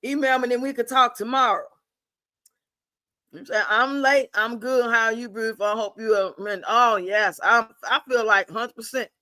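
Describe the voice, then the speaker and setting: A woman's voice: a little high, steady tone, normal speed, pushed and bright, dry recording. A woman hosting a casual livestream, blunt and profane, chatting and reading out viewer comments. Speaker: livestream host.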